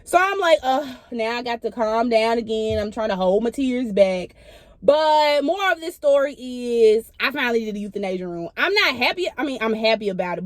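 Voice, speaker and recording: A young woman, a vet tech, hosting a casual podcast and telling a story in an animated way, talking straight to her listeners. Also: mid-range voice, no echo. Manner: animated, addresses listeners as "y'all", acts out her own reactions.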